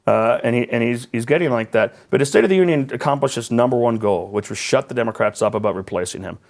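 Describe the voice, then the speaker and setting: A gravelly, mid-range voice belongs to a fast-talking political journalist being interviewed conversationally. He's animated and rambling, peppering his talk with sarcasm.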